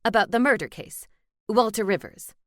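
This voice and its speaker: Chatty helpful male ghost, read by a woman, earnest, mid-pitched. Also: lively intonation, normal speed, a bit bright, no echo, clean studio sound, lightly acted. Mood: eager.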